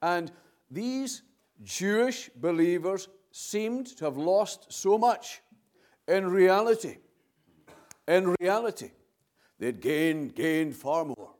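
A man preaching in a sermon, his voice sitting a little higher than most men's. He reads scripture in a solemn, formal way, then pushes each point toward emphatic, ringing statements. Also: sing-song, takes it slowly, darkish tone. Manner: emphatic, builds to ringing declarations.

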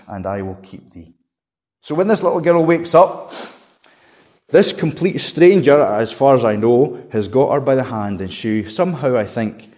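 A man preaching a sermon, swinging between raised, emphatic lines and quiet, hushed ones. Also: fairly low pitch. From Scotland. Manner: dramatic emphasis, rising to a shout and dropping to a hush.

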